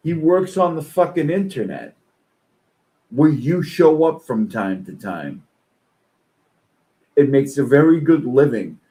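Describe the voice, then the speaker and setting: A man streaming reaction commentary, ranting angrily and swearing. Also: rough recording. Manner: slow-paced, with lively pitch swings. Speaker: streamer reacting to online posts.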